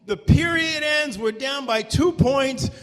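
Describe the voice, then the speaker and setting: A man telling a true story live on stage, animated and breaking into shouts at the tense moments. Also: extremely high pitch, takes it slowly. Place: stage before a live audience. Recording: long hall reverb from a live venue.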